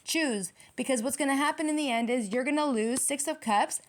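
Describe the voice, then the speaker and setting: A woman's voice: high voice, a little fast. A woman giving a tarot reading straight to her viewers, blunt and heated, swearing freely. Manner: addresses viewers directly. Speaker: tarot reader.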